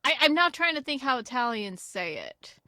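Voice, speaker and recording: A woman's voice: high-pitched, sing-song, moderate pace, sharp tone, no echo, clean studio sound. Chatty, sweary woman gaming streamer. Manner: rambling, sweary, self-mocking asides. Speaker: gaming channel host. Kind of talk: casual let's-play commentary. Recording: faint game music behind.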